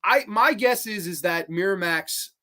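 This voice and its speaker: A man hosting a horror review show, chatting casually on a livestream and answering viewer comments in an excitable, profane, rambling way. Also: sits high, measured pace.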